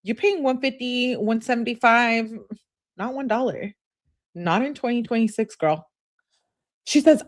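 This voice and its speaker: A woman's voice: on the high side, a little slow, long pauses. Blunt, sarcastic woman reading texts aloud. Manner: blunt, sarcastic, swears freely. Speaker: true crime commentator. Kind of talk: reading and reacting to text messages on a livestream.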